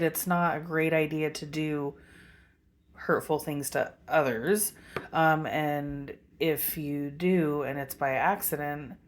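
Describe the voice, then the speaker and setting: A woman in her forties, a wellness channel host, giving a slow, reflective spiritual talk with halting pauses. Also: low voice.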